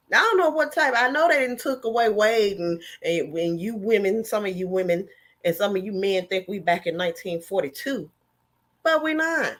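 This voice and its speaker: A woman ranting her opinions in a casual vlog, blunt and heated, with mocking voices that jump up high. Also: expressive, normal speed, a bit bright. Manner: swings in pitch and volume, mocking voices. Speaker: commentary vlogger.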